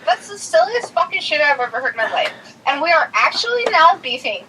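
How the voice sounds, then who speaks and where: A woman on a phone call with her father, ranting loudly and profanely in a comic, exaggerated way. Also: sits high, very animated, fairly quick, recorded from a distance, background noise. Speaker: caller, host's youngest daughter.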